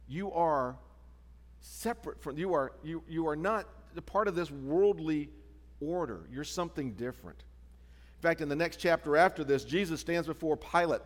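A middle-aged man preaching a sermon as pastor, talking in a conversational way with frequent restarts and asides. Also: on the high side. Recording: long hall reverb.

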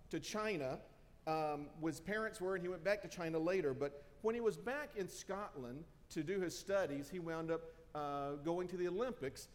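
Male pastor, casual joking delivery full of fillers, reverberant sanctuary sound. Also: fairly high pitch. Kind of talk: conversational sermon. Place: church sanctuary.

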